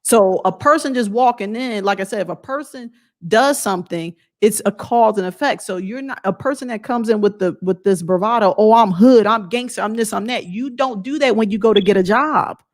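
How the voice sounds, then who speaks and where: A woman's voice: medium pitch, normal speed. A woman vlogger giving a blunt, emphatic motivational talk in a casual way.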